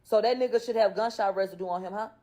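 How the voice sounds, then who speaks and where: Woman, casual commentary, blunt and profane, rhetorical questions, talking straight to viewers, mid-pitched. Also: fast talker, dark tone. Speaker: YouTuber recapping court testimony. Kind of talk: casual commentary, retelling testimony.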